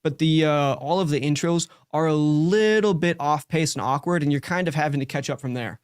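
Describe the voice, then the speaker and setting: A man with a fairly high voice coaches a caller live, direct and chatty, dropping lots of "like"s and restarting his sentences. The sound is dry and close, with no room in it. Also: a little fast, clean tone, dry recording. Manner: direct and talkative, many likes and restarts. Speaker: sales coach and show host.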